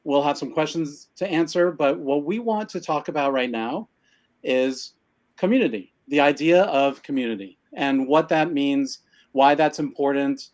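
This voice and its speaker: A man's voice: a little high, normal speed, darkish tone. A man co-hosting a live stream from his cluttered home office, out of breath and chatting in a rambling, self-deprecating way. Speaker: co-host of a live creative business show. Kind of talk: casual live-stream chat. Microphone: video call.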